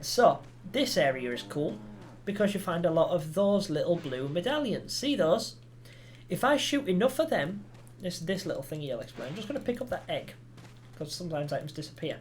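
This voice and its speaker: A gamer from Romania giving chatty, filler-heavy let's play commentary that bursts into excited yelps. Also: medium pitch, normal speed, soft background music. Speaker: gaming commentator.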